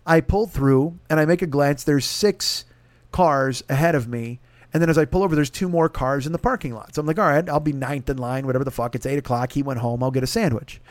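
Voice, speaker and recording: A man's voice: fairly high pitch, brisk, dry recording. A man hosting a podcast, telling a long story in a casual, profane and exasperated way. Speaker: podcast host.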